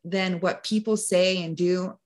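A woman's voice: on the low side, steady tone, measured pace. A woman hosting a podcast who talks in an earnest, emotional and emphatic way. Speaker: podcast host. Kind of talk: casual podcast conversation.

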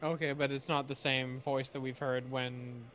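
A man's voice: mid-range voice, little pitch movement, normal speed, a bit bright, slight background noise. A man playing a tabletop game, asking practical questions about the rules. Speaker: player. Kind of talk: casual tabletop game play.

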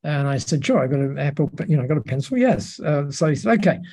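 Guy w a gravelly mellow voice telling stories on a podcast, lots of restarts. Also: on the high side, fast talker. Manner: animated anecdotes with many restarts. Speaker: podcast guest, speaker. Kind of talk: storytelling in casual interview.

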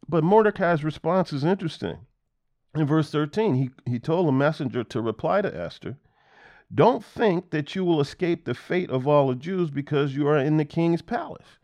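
A man's voice: a little high, a little mellow. Man reading and explaining scripture. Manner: reads verses then retells them in plain everyday words; hesitant, with frequent ums, uhs and restarts. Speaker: Bible teacher. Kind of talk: casual scripture reading and commentary.

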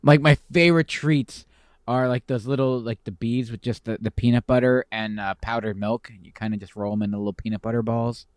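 This is a man co-hosting a podcast who sounds stuffed up from congestion. He rambles through his words with lots of fillers and a slight lisp, at a mid-range pitch. The recording is dry and close. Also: fairly even intonation, brisk, dry recording. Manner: rambling, filler-heavy chatter. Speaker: podcast co-host. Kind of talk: casual chat.

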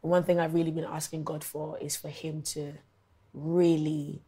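A woman's voice: low-pitched, little pitch movement, normal speed, mellow, slightly rough. Chatty young woman with a London accent. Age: 20s. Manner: chatty storyteller, many ums and likes. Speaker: guest, singer-songwriter. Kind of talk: casual interview chat.

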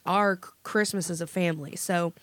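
A woman's voice: lowish voice, fairly even intonation, normal speed, fairly bright tone, no room sound. A woman in her thirties co-hosting a podcast in casual chat, chatty and giggly, swearing freely. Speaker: podcast co-host.

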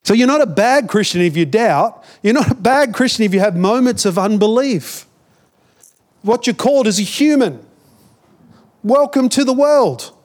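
A man's voice: high-pitched, animated, normal speed, darkish tone. A man with an Australian accent, a pastor giving a conversational sermon, often repeating words as he builds a point.

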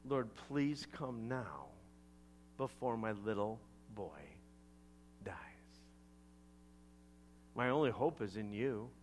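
A man's voice: lowish voice, expressive, takes it slowly, long pauses, a little hiss or hum, pitched below the performer's own voice. A male preacher acting out a desperate father begging for his dying son, with repeated pleas, inside a sermon. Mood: pleading. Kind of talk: sermon storytelling.

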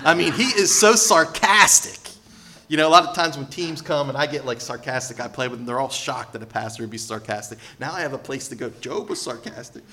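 A male pastor delivering a sermon, lively and sarcastic, acting out the people he quotes. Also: medium pitch, fast talker, few pauses, a little hiss or hum. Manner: animated, sarcastic asides, acts out quoted voices.

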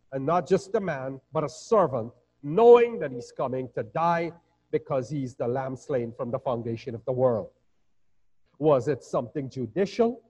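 Slow, lively-voiced preacher in echoing hall. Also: male voice, on the high side. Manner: measured preaching with rising emphatic peaks. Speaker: pastor. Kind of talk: sermon. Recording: dull sound with long hall reverb.

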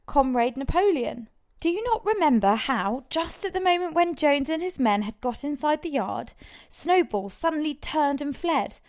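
A woman's voice: high-pitched, darkish tone. A woman voicing a sly, persuasive male pig propagandist who speaks insistently and emphatically.

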